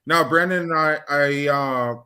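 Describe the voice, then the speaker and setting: A man's voice: on the high side, slow, a loud crowd. A man hosting a casual podcast chat, hesitant and easygoing as he passes the mic. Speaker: podcast host.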